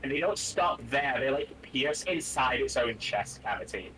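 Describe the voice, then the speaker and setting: A man's voice: mid-range voice, expressive, normal speed, pushed and bright, slight background noise, poor audio. A man narrating as game master of a tabletop game on a live stream, talking casually with plenty of fillers.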